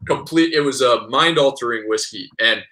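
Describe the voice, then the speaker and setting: A man talking casually as a guest in an interview, an enthusiastic storyteller full of quick asides and restarts. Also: medium pitch, pushed and bright, rough recording. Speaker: whiskey expert guest.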